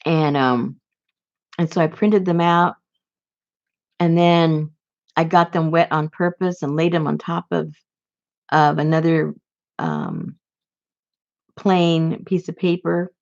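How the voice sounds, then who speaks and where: A woman with a low-pitched, gravelly voice chats about her crafts with viewers, rambling from thought to thought and full of fillers and restarts. The sound is dull and lo-fi. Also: steady tone, takes it slowly, pauses often, darkish tone. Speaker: crafting channel host. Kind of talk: casual crafting chat to viewers.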